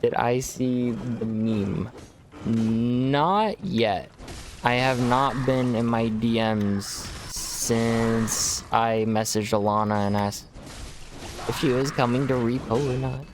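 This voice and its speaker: A man's voice: mid-range voice, slow pace. A man from Texas streaming a game, chatting casually in a rambling way and breaking into silly voices now and then. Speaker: gaming streamer. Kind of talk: casual chat while playing. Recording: noisy stream audio.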